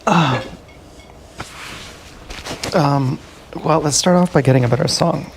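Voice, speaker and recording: Gravelly-voiced man rambling on a live stream. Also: on the high side, takes it slowly, a little hiss or hum. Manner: self-deprecating, meandering, frequent ums. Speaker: vlogger. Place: outdoors or on the move, GoPro. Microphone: action camera mic.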